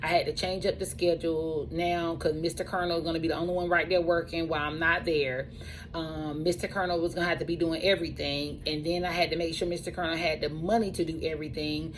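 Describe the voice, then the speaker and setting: Animated woman telling her story, low voice. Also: quick pace, slight background noise, poor audio. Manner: animated, repeats phrases for emphasis. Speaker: truck driving school owner and instructor. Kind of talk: casual personal storytelling.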